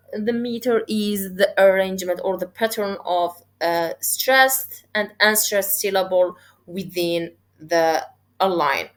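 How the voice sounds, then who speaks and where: A woman teaching poetry, explaining step by step in a deliberate way and checking in with "okay?". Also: mid-range voice. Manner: deliberate, counts syllables aloud, frequent "okay?" checks. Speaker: literature teacher. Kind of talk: explaining poem analysis step by step.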